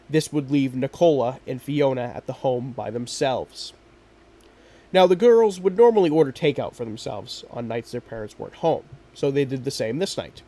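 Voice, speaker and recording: A man hosting a podcast, narrating a true crime case in a steady, measured way. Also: mid-range voice. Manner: steady, measured storytelling with quoted lines. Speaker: podcast host.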